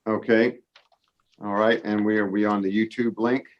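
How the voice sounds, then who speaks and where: A man's voice: lowish voice, little pitch movement, normal speed, highs cut off. A man chairing an online committee meeting over a video call, informal and joking, now and then unsure how to run it.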